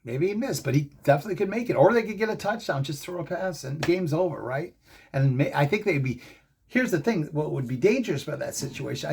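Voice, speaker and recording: A middle-aged man hosting a fan show, telling a rambling, excitable story in casual commentary. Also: a little high. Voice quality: gravelly, husky.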